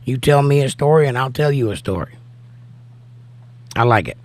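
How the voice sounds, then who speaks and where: A man with a hoarse, nearly worn-out voice hosts a casual livestream, joking easily with viewers and reading their comments aloud. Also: medium pitch, animated, normal speed. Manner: easygoing and jokey, talking straight to viewers. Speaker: livestream host.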